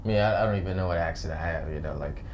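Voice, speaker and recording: A man hosts an interview show with a very deep, low voice. He is chatty and friendly, full of fillers and easy compliments for his guest. A faint noise floor hums beneath the conversation. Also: very fast, darkish tone. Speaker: show host. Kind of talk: casual interview hosting.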